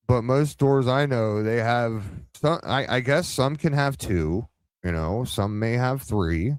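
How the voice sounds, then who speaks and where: A man's voice: mid-range voice, takes it slowly, dry recording, clean studio sound. A man hosting a live reaction stream, rambling and taunting with heavy profanity.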